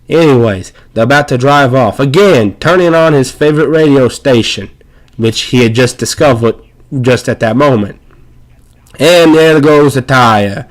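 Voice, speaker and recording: Man, gameplay voice-over narrator, sarcastic, rambling, mock-excited, mid-pitched voice. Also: normal speed. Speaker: video narrator.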